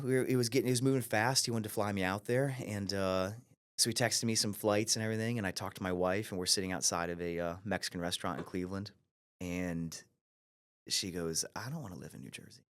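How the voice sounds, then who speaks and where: A man in his thirties from Ohio speaks as a podcast guest, his voice very low and his delivery quick. He tells his story with animation, jumping into other people's voices and restarting sentences as he goes. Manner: animated storyteller who acts out quoted voices, with frequent restarts. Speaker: guest, brokerage CEO.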